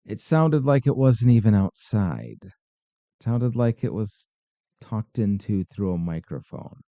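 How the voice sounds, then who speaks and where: A man's voice: fairly low pitch, sing-song, slow pace, warm tone, no room sound. A man hosting a podcast, reacting to paranormal videos with skeptical, sarcastic commentary. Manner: skeptical, dry, sarcastic asides. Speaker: podcast host.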